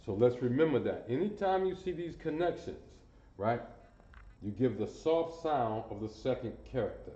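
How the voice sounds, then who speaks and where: A warm, mid-range voice with lively intonation leads a classroom lesson at normal speed, the teacher standing before a board as he drills sounds, repeats phrases, and quizzes students. The camera recording him is sometimes left behind as he moves, giving a roomy, muffled sound.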